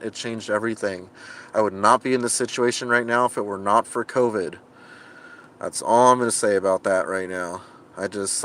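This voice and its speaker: A man with a fairly low-pitched, fairly bright voice live-streams from inside his car, with slight background noise. In this casual livestream chat he reads viewer comments and rambles with frustration, often restarting his sentences and laughing at himself.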